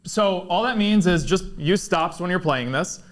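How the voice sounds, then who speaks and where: A man's voice: high voice, expressive, moderate pace. A man analysing stocks for momentum trading on a livestream, explaining chart signals in plain casual terms.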